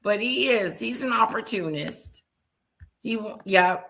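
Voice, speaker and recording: Lady doing gossipy reaction commentary, talks slow, bright voice. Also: medium pitch, gravelly. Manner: gossipy, teasing asides.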